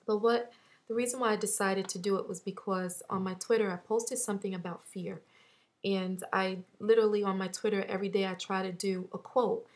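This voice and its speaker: A woman in her thirties talking through a personal loss in a vlog, halting and heartfelt, close to tears at times. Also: mid-range voice, steady tone, a little mellow. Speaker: vlogger.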